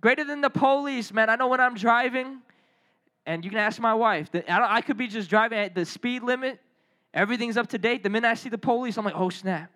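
A man preaching a sermon as a youth pastor, telling lively stories and calling on the crowd to respond. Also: very high-pitched, quick pace.

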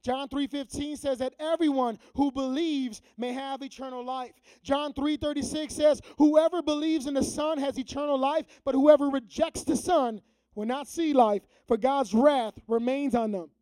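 Man, youth pastor, very high voice, casual slangy preaching, dry close sound. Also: fairly even intonation, normal speed, no room sound, poor audio. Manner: conversational preaching, drops to a hushed prayerful tone; slangy street talk mixed with scripture. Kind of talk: sermon.

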